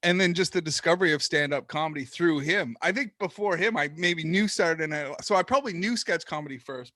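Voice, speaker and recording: A male Canadian comedian talks in a casual interview, his voice sitting fairly high. He tells stories at his own expense and laughs often. The sound is dry and close, with no room in it. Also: pushed and bright, no room sound. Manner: laughing, self-mocking storyteller. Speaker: comedian guest.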